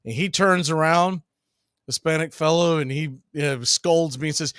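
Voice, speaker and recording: A middle-aged man doing casual baseball play-by-play, telling long stories between pitches and laughing as he goes. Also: steady tone, moderate pace, fairly bright tone, smooth, dry recording, clean studio sound.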